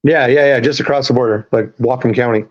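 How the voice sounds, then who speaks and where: A man's voice: medium pitch, fairly even intonation. Male podcast guest, 30s, rambling casual storyteller, muffled audio. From Canada. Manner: rambling, halting, many fillers and restarts. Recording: slightly dull lo-fi audio.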